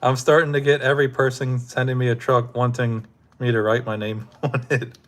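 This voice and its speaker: Man, live stream host, casual chat, laid-back, laughs a lot, sore throat, mid-pitched voice. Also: flat delivery, moderate pace. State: sore throat from long talking.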